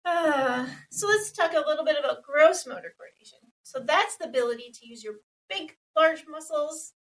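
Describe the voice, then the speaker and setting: A woman co-hosting a podcast who calmly explains and lists examples as an occupational therapist. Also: sits high, moderate pace, recorded from a distance, low-quality recording. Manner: steady, explanatory, listing examples. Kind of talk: casual podcast chat, explaining.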